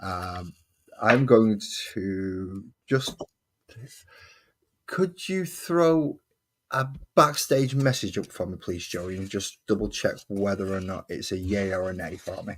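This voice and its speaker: A man's voice: deep voice, fairly even intonation, measured pace, fairly bright tone. A man hosting a casual livestream while he crafts, rambling and correcting himself as he talks. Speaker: livestream host.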